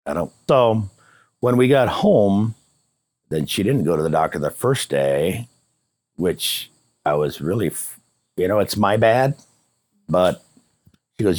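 Deep, husky-voiced man telling a story. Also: moderate pace, long pauses, dry recording. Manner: animated retelling, voicing both sides of remembered dialogue. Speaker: interview guest. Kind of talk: casual storytelling in conversation.

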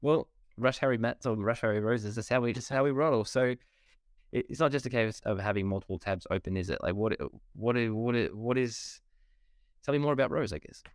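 A man hosting a podcast in casual chat, lively and prone to repeating words. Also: mid-range voice, brisk, dry recording, clean studio sound. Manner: chatty, laughs easily, repeats words. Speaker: podcast host.

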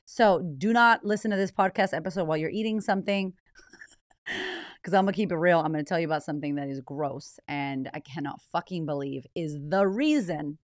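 A woman's voice: deep voice, dry recording, studio quality. An American woman with a slight Australian twang hosting a podcast from her office, talking casually and bluntly, swearing and laughing often. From United States. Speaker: podcast host. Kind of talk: casual chat.

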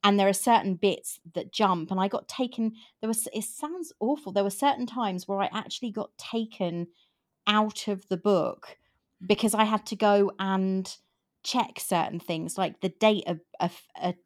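A woman in her fifties hosting a casual book chat, animated and rambling, laughing often. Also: mid-range voice, moderate pace. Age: 50s. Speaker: podcast host.

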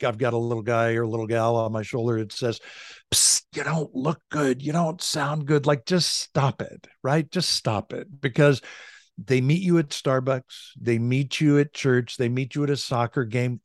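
A middle-aged leadership coach from California tells stories in a podcast interview, sounding energetic and conversational and frequently saying "like" and "right?" His voice is at an ordinary pitch. He's recorded close on a studio desk mic in a dry home office with a large bookshelf and no room echo.

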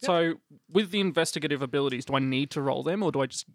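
A gravelly-voiced man at a tabletop game, asking rule questions in a casual, slightly hesitant way. His pitch is a touch high and the mic is close and dry. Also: fast, no echo. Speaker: player.

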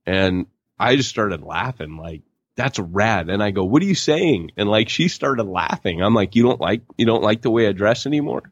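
A man co-hosting a podcast, chatting casually and excitably, laughing often. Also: fairly low pitch, moderate pace, dry recording. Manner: excitable, laughs often, uses "rad" and "dude". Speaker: podcast co-host. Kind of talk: casual chat. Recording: dull lo-fi sound.

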